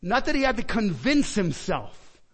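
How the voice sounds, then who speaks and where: High-pitched preacher guy, gets loud then goes soft, lots of questions to the crowd. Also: very animated, a little slow. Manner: impassioned, swings between loud pleading and quiet reflection; repeats and restarts words, asks the listeners questions. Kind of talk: sermon.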